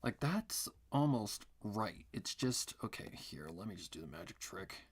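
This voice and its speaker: A man's voice: fairly low pitch, very animated, measured pace, slight background noise. A man thinking aloud as he draws on a live art stream, muttering to himself, often dropping to a whisper, with dry sarcastic asides. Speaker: artist streaming a drawing session. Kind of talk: thinking aloud while drawing.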